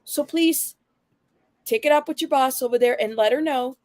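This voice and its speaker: A woman's voice: high voice, normal speed, a little mellow, no echo. A woman hosting her own channel, talking bluntly and with sass straight to her viewers in casual commentary. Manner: blunt, sassy, addresses viewers directly. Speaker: channel host.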